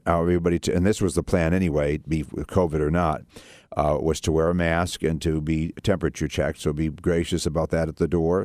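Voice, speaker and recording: A man with a very low voice hosts a radio talk show, rambling earnestly and restarting his sentences often. The studio sound is dry and close. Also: darkish tone, no echo.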